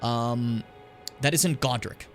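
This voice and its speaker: A man's voice: mid-range voice, slow, faint music behind. A man streaming a video game, giving casual commentary, chatty and joking, swearing freely and talking to his viewers.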